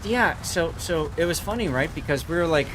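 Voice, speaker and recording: A man's voice: on the high side, expressive, normal speed, noisy background. A man streaming a naval battle game, chatting casually with viewers, laughing often and repeating his words.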